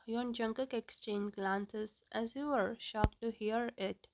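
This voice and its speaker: A woman reading a fan fiction story aloud in an even, unhurried storytelling manner. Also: on the high side, low-quality recording.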